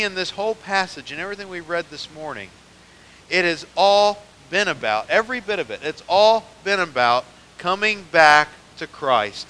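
A man's voice: fairly high pitch, pushed and bright, slight background noise. A man preaching a sermon as pastor, talking straight to the congregation and building in intensity. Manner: preaching with rising intensity, addressing the church. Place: church sanctuary. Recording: church hall with long reverb.

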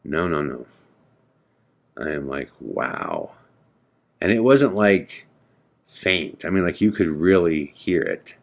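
A man's voice: low-pitched, unhurried. A man hosting a podcast, casually telling a spooky story and acting out the dialogue. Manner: animated, acts out quoted dialogue; casual, filler-heavy speech. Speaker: podcast host.

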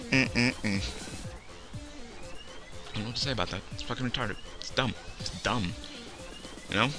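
A young man hosting a card game video, ranting angrily and sarcastically, swearing a lot, and swinging between loud outbursts and tired mumbling. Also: a little high. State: tired, low on energy. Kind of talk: profane rant to camera.

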